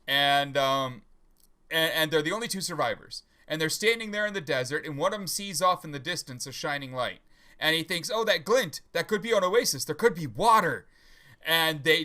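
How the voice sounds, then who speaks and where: A man's voice: on the high side, a little fast, sharp tone. A male podcast host in casual livestream chat, a rambling, chatty storyteller.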